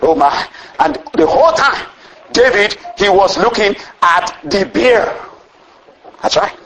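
High-voiced animated preacher man. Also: slow pace, creaky, poor audio. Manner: animated, bursts of exclamation and chuckles. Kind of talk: storytelling sermon.

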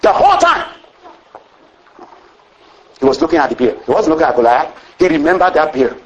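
High-voiced animated preacher man. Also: rapid-fire, muffled recording. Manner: animated, bursts of exclamation and chuckles. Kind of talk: storytelling sermon.

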